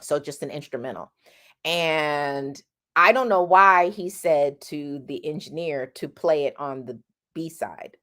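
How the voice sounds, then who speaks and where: A woman's voice: sits low, unhurried, fairly bright tone. A middle-aged woman giving a chatty singing lesson, often checking in with "right?" and demonstrating sounds. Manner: demonstrates sounds mid-sentence. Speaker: singing teacher. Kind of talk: casual vocal lesson.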